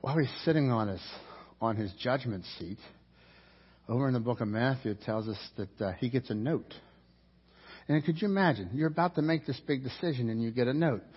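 A man's voice: medium pitch, lively intonation, a little fast, husky, highs cut off. A man preaching a sermon as pastor, telling the story vividly and acting out the characters' lines.

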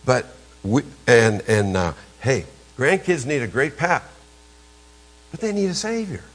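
An older man, preaching a storytelling sermon as a pastor, emphatic and jumping suddenly in pitch and volume. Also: lively intonation, measured pace.

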